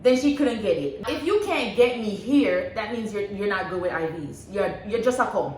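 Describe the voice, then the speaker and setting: A young woman vlogger casually telling a personal story, animated and laughing often as she acts out what she said. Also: mid-range voice, moderate pace. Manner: animated, laughs often, reenacts her own past words. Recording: echoey room with faint background hum.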